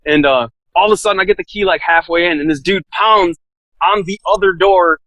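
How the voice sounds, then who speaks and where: A man's voice: sits high, a little fast, sharp tone, dry recording, low-quality recording. A man telling a story in a casual, laid-back way, full of "like" fillers and laughing now and then. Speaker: podcast guest, SWAT officer.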